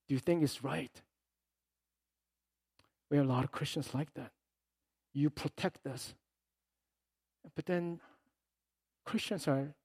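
Animated, fairly high-voiced male pastor preaching. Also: breathy edge, no room sound. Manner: animated, swings from soft to loud; acts out the words he quotes. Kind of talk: sermon.

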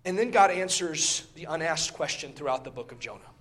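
A man preaches a passionate sermon, reading scripture in old-style wording and often repeating himself. His delivery is animated and brisk, swelling loud before dropping low.

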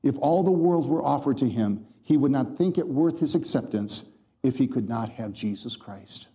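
Mellow-voiced man preaching a sermon. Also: medium pitch, animated, normal speed. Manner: emphatic, scripture-quoting, addresses congregation directly.

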